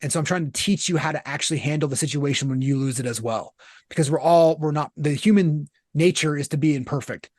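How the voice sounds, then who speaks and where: A man in his thirties giving candid interview answers, blunt and animated, with casual swearing. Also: a little high, quick pace, no room sound. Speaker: guest, author and business founder.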